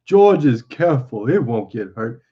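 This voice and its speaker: A man voicing a big, childlike and anxious simple-minded man, slow and plaintive, on a dull lo-fi recording. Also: mid-range voice, very animated, mellow, breathy edge.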